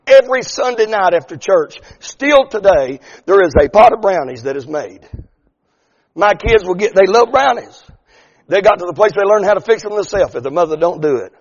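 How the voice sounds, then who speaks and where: A middle-aged pastor preaches to his congregation in a high, ringing voice. His lines swell into shouts and stretch out slowly at the peaks. The sanctuary adds a long reverb tail to every word. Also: muffled recording. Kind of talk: sermon. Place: church sanctuary.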